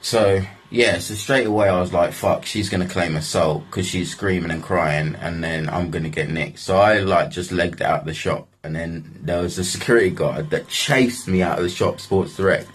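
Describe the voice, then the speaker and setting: A young man tells a story in a deep, husky voice. He rambles and swears freely, and keeps padding his lines with "like". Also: normal speed, hardly any pauses. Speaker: vlogger. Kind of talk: casual storytelling.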